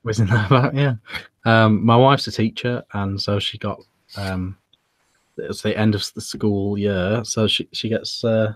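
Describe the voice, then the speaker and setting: A man from the UK with a low voice chats casually and tells jokey little stories, relaxed and full of fillers. His voice sits close and dry on the mic. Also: a little slow, no room sound. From United Kingdom. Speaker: podcast co-host. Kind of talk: casual chat.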